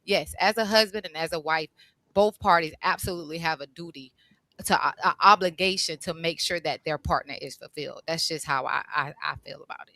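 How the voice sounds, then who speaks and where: A woman's voice: low-pitched, brisk, pushed and bright, no room sound. A woman on a discussion panel, arguing firmly and insistently. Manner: firm, insistent, repeats her point. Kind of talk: heated panel debate.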